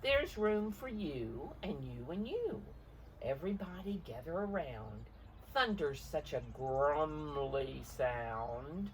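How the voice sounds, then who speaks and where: A woman's voice: low-pitched, lively intonation, slow, recorded from a distance, slight background noise. A woman voicing a small, friendly male truck in a picture book she reads aloud, with a cheerful, inviting sing-song. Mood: welcoming.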